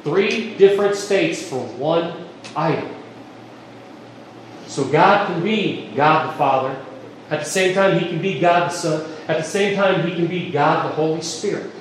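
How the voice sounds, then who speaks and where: High-voiced preacher in an echoey church. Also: male voice, slight background noise. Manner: folksy, joking, emphatic preaching. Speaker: pastor. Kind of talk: sermon. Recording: echoey room, mic at a distance.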